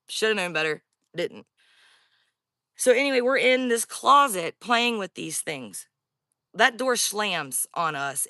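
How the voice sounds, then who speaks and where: A woman's voice: fairly low pitch, sharp tone, no room sound, studio quality. Chatty woman telling a spooky story. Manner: chatty, rambling, addresses viewers directly. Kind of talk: casual first-person storytelling.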